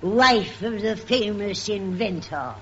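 A woman's voice: mid-range voice, animated, slow. A woman playing an aged, faded film actress, drawling grandly and theatrically as she reminisces. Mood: reminiscing. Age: older. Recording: lo-fi old radio with heavy hiss.

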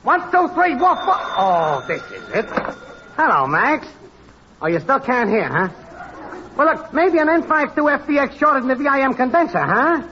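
Pushy wisecracking technician, very high and bright, lively, old radio sound. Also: male voice, moderate pace, slight background noise, exaggerated voice. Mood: cocky. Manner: wisecracking, stubborn, calls out in a high singsong. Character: brash, pushy male network technician. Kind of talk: 1940s radio comedy acting. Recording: dull old radio broadcast recording.

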